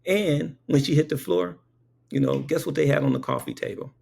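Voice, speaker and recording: A man's voice: fairly high pitch, big pitch swings, normal speed, creaky, a little mellow, breathy edge. A man who works as a paramedic telling a personal anecdote, emphatic and punctuating his points with rhetorical checks on the listener. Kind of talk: spoken anecdote.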